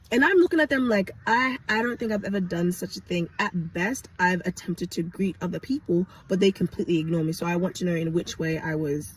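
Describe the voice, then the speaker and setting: A young woman from Kenya speaks in a somewhat low voice, recounting her nursing experience to camera. She tells it animatedly and emphatically, repeating phrases for weight and throwing in vocal sound effects. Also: a little mellow, slight background noise, poor audio. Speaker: nurse sharing her story. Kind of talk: personal storytelling to camera.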